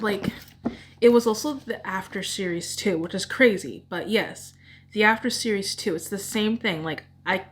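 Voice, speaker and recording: A woman vlogger chatting casually about her favorite books, gushing and rambling with emotion. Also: medium pitch. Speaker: book vlogger. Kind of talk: casual book chat.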